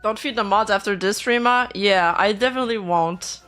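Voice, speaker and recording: A woman's voice: medium pitch, normal speed, a bit bright, faint music behind. A young woman streaming live, chatting casually with her viewers in a blunt, teasing way and laughing often. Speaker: streamer reacting to viewer clips.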